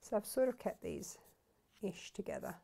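A woman talks viewers through a sewing project. Her delivery is chatty and enthusiastic. She thinks aloud as she works, at a mid pitch typical for a woman. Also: huge pitch swings, normal speed, dark tone, husky. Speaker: craft shop host demonstrating sewing. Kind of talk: live sewing demonstration.

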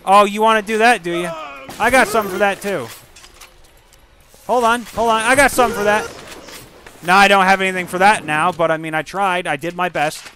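A man giving casual gameplay commentary, excitable and profane, yelling at enemies while chatting. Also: high voice, fairly quick, pauses often, slight background noise. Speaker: gamer commentator.

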